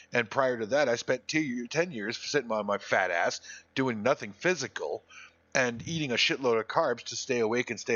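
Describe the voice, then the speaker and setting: A man's voice: medium pitch, a bit bright, highs cut off. A man chatting casually and bluntly while streaming a video game, rambling with restarts and crude language. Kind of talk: casual live-stream gaming chat.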